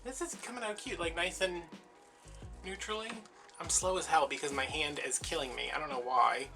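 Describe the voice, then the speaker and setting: A man's voice: on the high side, moderate pace, music in the background. A man chatting casually while he makes a craft, telling stories and acting out the voices of people in them. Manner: chatty storyteller, acts out quoted voices. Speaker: crafting vlogger.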